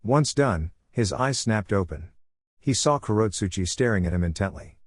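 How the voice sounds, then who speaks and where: A man narrating fan fiction in a steady, plain storytelling manner. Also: lowish voice, normal speed, dry recording, clean studio sound. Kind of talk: fan fiction read-aloud.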